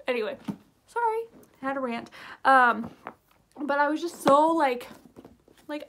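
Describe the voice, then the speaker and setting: A woman's voice: high-pitched, a little slow, pauses often, a bit bright. A woman chatting casually in a book review vlog, gushing and rambling with lots of fillers.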